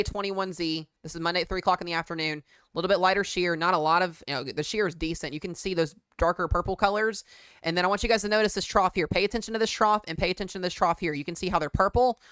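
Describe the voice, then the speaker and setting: A man's voice: sits high, fairly even intonation, fast talker, sharp tone, smooth, dry recording, clean studio sound. A man streaming live weather commentary in a casual, rambling and jokey way, with filler words.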